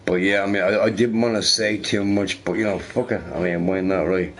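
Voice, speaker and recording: A young man rambling casually while streaming a game, swearing freely and telling stories in an animated way. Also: low-pitched, fairly quick. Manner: profane, rambling, animated storytelling. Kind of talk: casual rambling chat over gameplay.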